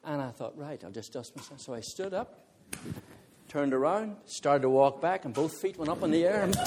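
Male preacher, slightly high-pitched, animated storyteller who laughs and chats with the congregation. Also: moderate pace. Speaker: visiting preacher. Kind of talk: sermon with humorous personal story.

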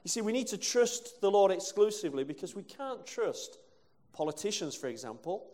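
A man's voice: sits high, very animated, normal speed, darkish tone. A male preacher from England giving a conversational sermon with rhetorical questions and asides. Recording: long hall reverb.

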